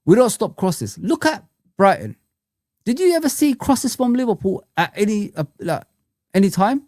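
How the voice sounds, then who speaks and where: A man's voice: sits high, very animated, moderate pace, darkish tone, dry recording. A man hosts a fan live chat, ranting and exasperated and hammering points home by repeating them. The sound is dry and close with no room around it. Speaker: fan channel host.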